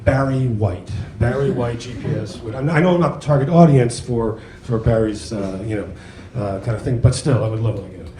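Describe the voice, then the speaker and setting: Halting middle-aged stand-up comic. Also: male voice, mid-range voice, a crowd in the background. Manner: halting, self-deprecating, many fillers. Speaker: stand-up comedian. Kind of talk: stand-up routine. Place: comedy club stage. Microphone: handheld mic. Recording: echoey club with room noise.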